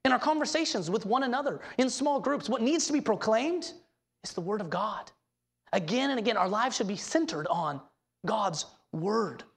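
A woman with a voice pitched a bit above the usual preaches a sermon from the pulpit. She speaks earnestly and with emphasis, and her voice sinks low and soft on the words she wants to land. She keeps asking the congregation questions. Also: lively intonation, moderate pace, slightly rough. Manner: asks the congregation rhetorical questions. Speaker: pastor.

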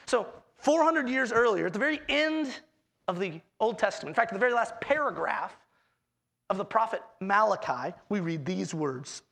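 A man preaching a sermon as pastor, expressive, acting out quoted voices with swings in pitch. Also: moderate pace, creaky.

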